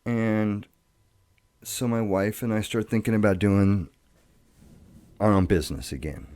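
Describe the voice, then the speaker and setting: A middle-aged man telling his life story in casual talk, profane and rambling, with halting restarts. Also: fairly low pitch, steady tone, a little mellow.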